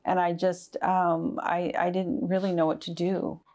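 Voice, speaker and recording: A middle-aged woman giving a personal account of her husband's illness, halting with fillers and restarts. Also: on the low side, level tone, a little mellow. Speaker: interviewee, wife of a covid patient. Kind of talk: personal testimony.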